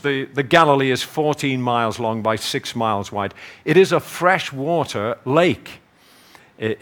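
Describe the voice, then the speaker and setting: A man preaching a sermon in a measured way, reading scripture and telling stories with energy. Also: mid-range voice. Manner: measured, hushed prayer and lively storytelling.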